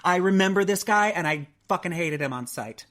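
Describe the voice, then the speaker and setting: A woman's voice: fairly low pitch, lively intonation, brisk, a bit bright. Indignant, sarcastic woman co-host. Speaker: podcast co-host. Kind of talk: casual commentary chat.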